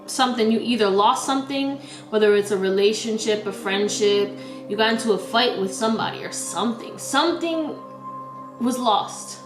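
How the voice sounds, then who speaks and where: A woman's voice: a little high, normal speed, roomy sound, over music, low-quality recording. A young woman giving a casual tarot reading, laughing often and talking in a scattered, slangy way. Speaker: tarot reader.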